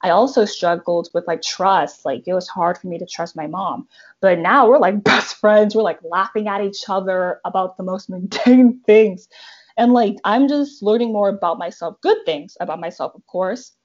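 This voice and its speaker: A woman's voice: mid-range voice, moderate pace, muffled recording. A young woman talking casually about her faith, chatty, with lots of fillers. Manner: chatty, fillers, emphatic counting. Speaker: panelist.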